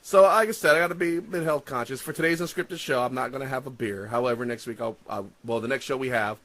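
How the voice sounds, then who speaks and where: Teasing, foul-mouthed podcast host. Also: male voice, mid-range voice, fast, a bit bright. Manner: teasing, profane, joking. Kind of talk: casual podcast banter.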